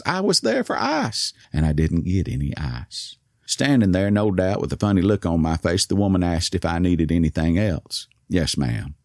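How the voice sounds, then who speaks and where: East texas guy telling a story, soft slurry voice, low pitch that swoops around, dry close mic. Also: no echo. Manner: courtly, old-fashioned and wry. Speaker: podcast host. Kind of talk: storytelling monologue.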